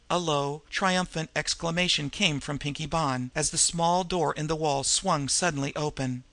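A man reads a crime novel aloud in a steady, measured way. His voice is gravelly with a bright, sharp edge and sits slightly high. The sound is close and dry. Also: no room sound. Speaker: audiobook narrator. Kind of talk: audiobook narration of a crime novel.

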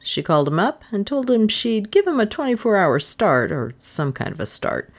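A woman reading a hardboiled comic novel aloud as audiobook narrator, brisk and wry. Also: medium pitch, big pitch swings. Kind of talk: scripted narration.

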